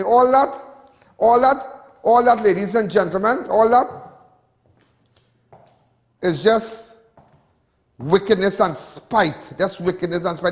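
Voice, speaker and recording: This host is a man from Trinidad and Tobago whose high voice carries the sound of a big room. His commentary is an impassioned rant, full of repetition.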